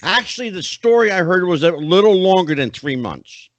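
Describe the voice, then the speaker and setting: A middle-aged man hosts an interview podcast with a lively, bouncing delivery and a slightly high voice. He chats his way into each question and sets it up at length. The sound is dry and close. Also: normal speed, dry recording, highs cut off. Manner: animated, chatty, leads into questions at length. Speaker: podcast host. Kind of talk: conversational interview hosting.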